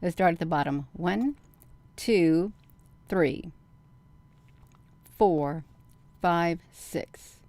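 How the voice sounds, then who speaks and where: A middle-aged woman hosting a video, chatting casually to viewers, counting out loud and getting excited. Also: fairly low pitch, extremely slow, pauses often. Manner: counts aloud, talks straight to viewers. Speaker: video host. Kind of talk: casual screen-share commentary.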